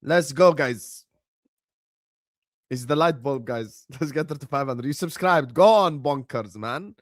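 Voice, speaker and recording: A man hosting a football watchalong livestream, excitedly chanting and urging viewers to subscribe. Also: medium pitch, a little slow, no room sound, clean studio sound. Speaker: livestream host. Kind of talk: hyped watchalong livestream chat.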